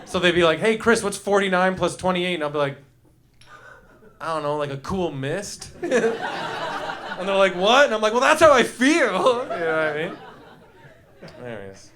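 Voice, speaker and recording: A man's voice: sits high, expressive, moderate pace, pauses often, a crowd in the background. A young man doing loose stand-up comedy on a club stage, rambling goofily and riffing with the audience. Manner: goofy, rambling, jumps into silly voices.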